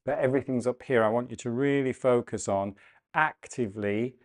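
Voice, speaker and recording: A man instructs a breathing and mobility class in a calm, gentle manner. He talks through each breath and often slows down to repeat a cue softly. His voice sits at an ordinary middle pitch. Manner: calm, gentle cueing with slowed repeated phrases. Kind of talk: guided exercise class instruction.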